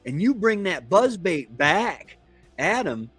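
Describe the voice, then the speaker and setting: A man from Florida who hosts a homestead live stream, telling a casual story in a meandering, halting way. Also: high voice, sing-song, a bit bright, slightly rough, no echo, soft background music. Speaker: homestead channel host.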